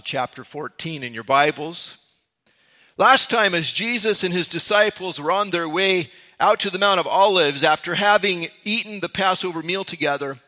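Male Bible teacher, bright, slightly high voice, earnest storytelling with a playful streak. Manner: playful mock newscaster opening, then earnest storytelling.

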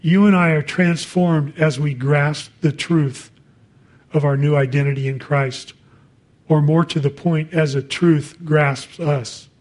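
A man's voice: a little high, steady tone, a little slow, a little mellow. A man preaching a sermon in a conversational way, reading scripture and adding casual asides.

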